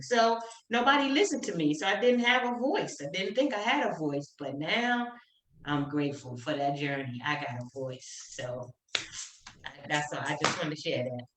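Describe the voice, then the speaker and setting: A woman's voice: low voice, expressive, normal speed, a bit bright, a little hiss or hum. A woman in a casual group chat, telling stories with energy, acting out quoted voices and repeating herself as she goes. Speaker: panel guest sharing stories. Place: home, on a video call. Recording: roomy echo.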